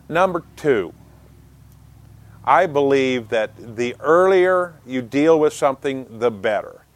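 Man, mid-pitched, earnest advice talk, dry close sound. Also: no room sound. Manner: earnest, plain-spoken, with frequent fillers and restarts. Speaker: speaker giving advice on resolving conflict.

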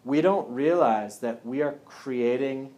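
A man's voice: mid-range voice, slow, a little mellow. Man giving a chatty wellness talk. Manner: conversational, checks in often with "yeah?" and "right?". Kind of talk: casual talk to a live audience.

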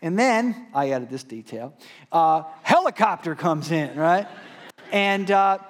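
A man preaching, telling a story with lively shouted lines and soft asides, then leading a prayer. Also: on the high side, measured pace. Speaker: pastor. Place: church hall.

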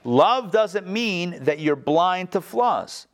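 A man's voice: high-pitched, animated, slow pace. A man teaching a text-based Torah class, earnest, restarting and repeating phrases and stressing key words.

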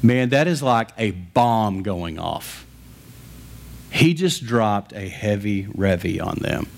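A man preaching a sermon, with a conversational, animated storytelling manner. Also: lowish voice, slow pace, creaky. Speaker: pastor.

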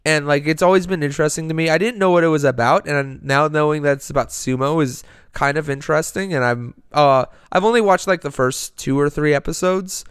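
A man's voice: on the high side, brisk, few pauses, clear, resonant tone, no room sound, clean studio sound. A man co-hosting a podcast in casual chat, enthusiastic and rambling, swearing freely. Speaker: podcast co-host.

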